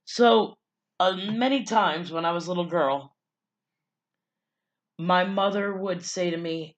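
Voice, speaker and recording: A woman's voice: low voice, takes it slowly, long pauses, lo-fi sound. A woman vlogger telling her life story in a loose, casual way, blunt and profane, with lots of fillers.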